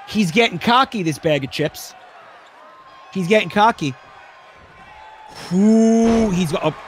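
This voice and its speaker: A man doing excited play-by-play commentary on a wrestling match, rambling and swearing, bursting into yells. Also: fairly high pitch, a little hiss or hum.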